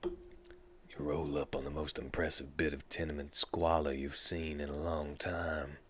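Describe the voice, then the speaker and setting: A young man playing a video game, reacting with excited outbursts and reading the scene text aloud in a low, hushed voice. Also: moderate pace, slight background noise. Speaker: let's play gamer.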